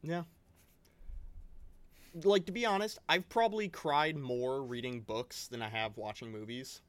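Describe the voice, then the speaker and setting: A man's voice: mid-range voice, measured pace, no echo. A man co-hosting a podcast in casual chat, mostly chiming in with short agreements. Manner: brief agreeing interjections. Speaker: podcast co-host.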